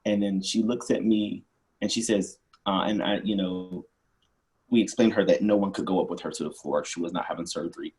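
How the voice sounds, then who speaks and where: A man's voice: deep voice, steady tone, a little fast, darkish tone. A man, a nurse, talking thoughtfully on a webinar panel with some hesitant fillers. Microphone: video call.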